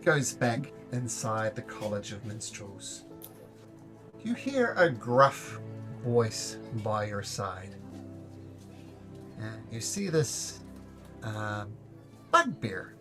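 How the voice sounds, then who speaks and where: A man's voice: fairly low pitch, very animated, drawn-out words, long pauses, fairly bright tone, faint music behind. A man narrating a tabletop game as game master in a casual way.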